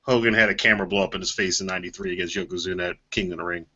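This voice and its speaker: A man's voice: low-pitched, fairly even intonation, rapid-fire, bright, forceful tone, husky, highs cut off. A man co-hosting a casual wrestling chat, matter-of-fact and knowledgeable.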